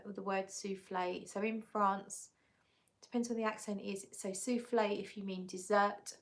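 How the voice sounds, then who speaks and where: A woman hosting a casual livestream, reading out viewer comments and talking about perfumes. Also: mid-range voice. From England. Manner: chatty, reads viewer comments aloud and answers them. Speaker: livestream host reviewing perfumes. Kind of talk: casual live chat.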